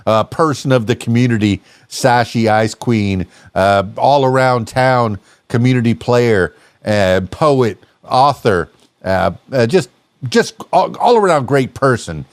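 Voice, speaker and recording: Male podcast host, teasing and rambling, lively pitch, dry sound. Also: measured pace, no room sound. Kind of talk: casual podcast chat.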